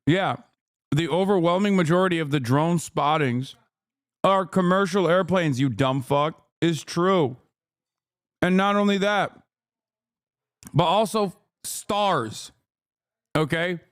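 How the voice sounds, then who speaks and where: Speaking slowly with long pauses, a thirtysomething man streams political commentary, swearing often as he combatively rants at his chat. His slightly high voice is clear and resonant.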